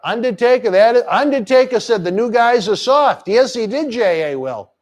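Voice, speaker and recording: A man hosts a live wrestling chat stream, reeling off promotions and crude jokes with brash promotional patter and crude teasing. His very high voice is expressive, and he speaks at a normal speed.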